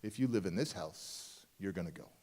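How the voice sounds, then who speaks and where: A man quoting his stern foster father in a lower, quieter, firm voice. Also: animated, moderate pace. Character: stern middle-aged foster dad, firm.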